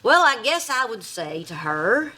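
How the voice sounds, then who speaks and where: Sarcastic sitcom mom, high voice, super swingy, lots of hiss. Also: female voice, big pitch swings, unhurried, sharp tone, full character voice. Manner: dry, sarcastic wisecracks. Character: sarcastic middle-aged mother, wisecracking and blunt. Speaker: sitcom lead. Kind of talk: sitcom acting.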